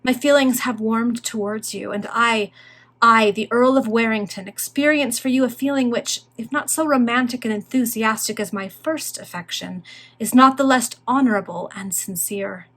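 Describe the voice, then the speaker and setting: A woman's voice: on the high side, normal speed, a bit bright. A woman reading aloud and voicing an earnest, proud male earl who speaks in formal, old-fashioned phrases. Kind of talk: reading a Victorian novel aloud.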